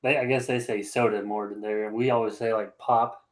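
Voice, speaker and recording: A man's voice: on the low side, little pitch movement, moderate pace. A man co-hosting a casual podcast chat, telling laid-back stories about his digging work. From Joplin, Missouri area. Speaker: co-host.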